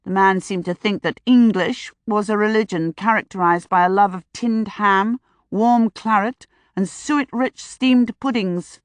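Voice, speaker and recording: A woman narrates a suspense novel in measured, wry first person. Her voice sits mid-range for a woman. The sound is close and dry, with no room around it. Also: mid-range voice, dry recording. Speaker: audiobook narrator.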